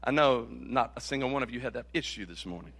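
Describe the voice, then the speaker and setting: A male pastor preaching a sermon. He repeats key phrases dramatically and swings from loud to hushed. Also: mid-range voice, lively intonation, fast talker, creaky.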